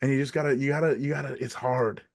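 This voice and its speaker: A man with an American accent, a wrestler and podcast guest, talking casually in a profane, ranting way that swings between loud outbursts and quiet asides. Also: mid-range voice, steady tone, fast talker, creaky. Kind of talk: casual interview chat.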